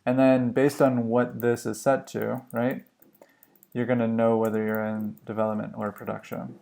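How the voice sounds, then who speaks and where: A man live coding on a stream, thinking aloud in a musing, halting way and questioning himself as he works. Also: mid-range voice, flat delivery, vocal fry, dark tone. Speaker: livestream coder.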